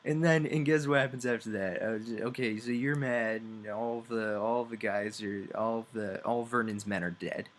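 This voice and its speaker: A man's voice: on the low side, steady tone, moderate pace, few pauses, slight background noise. A young man casually talking through a video game story, rambling, with many fillers and frequent chuckles. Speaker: game reviewer.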